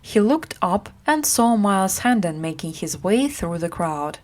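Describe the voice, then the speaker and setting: Woman reading a storybook audiobook slowly, pitch moves a lot. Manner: slow, clear, expressive. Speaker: reader. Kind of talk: graded-reader audiobook narration.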